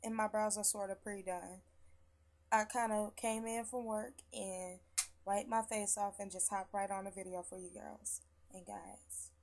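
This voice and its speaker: A woman's voice: medium pitch, fairly even intonation, unhurried, darkish tone. Chatty, rambling young woman vlogger. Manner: chatty and rambling, swears freely. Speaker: beauty vlogger. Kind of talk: casual makeup tutorial. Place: at home after work.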